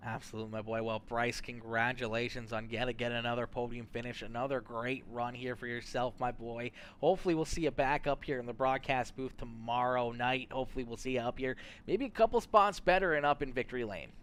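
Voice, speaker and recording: A man's voice: mid-range voice, brisk, hardly any pauses, fairly bright tone, smooth. A young Canadian man hosting a sim racing broadcast, upbeat and chatty with lots of fillers. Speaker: race broadcaster. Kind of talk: sim racing commentary and interviews.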